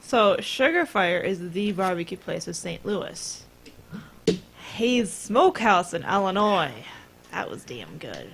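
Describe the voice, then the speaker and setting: A woman's voice: fairly low pitch, big pitch swings, takes it slowly, fairly bright tone, slight background noise. A woman co-hosting a gaming podcast, leading a casual chat and laughing often. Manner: laughs often, leads the talk. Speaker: podcast co-host.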